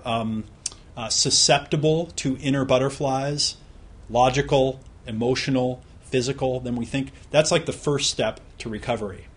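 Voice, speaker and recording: A man's voice: medium pitch, husky. A man teaching a recorded self-help course on productivity, explaining in a conversational way with examples and questions put straight to the listener.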